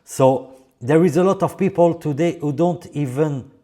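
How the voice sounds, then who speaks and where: Mellow-voiced man with a non-native accent. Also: a little high. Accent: non-native English. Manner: measured, poses discussion topics. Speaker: podcast co-host. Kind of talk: casual chat.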